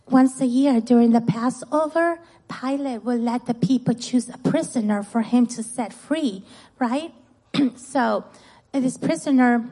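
Woman, children's church teacher, husky, slightly high voice, lively storytelling, keeps asking the kids questions. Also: poor audio. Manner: animated, keeps asking "right?" and "guess what?". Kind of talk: telling a Bible story to children.

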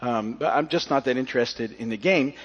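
A man's voice: mid-range voice, fairly quick, husky. A man preaching a sermon as pastor, telling a story in a folksy way with many fillers and restarts before reading scripture. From South Florida. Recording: muffled recording with long hall reverb.

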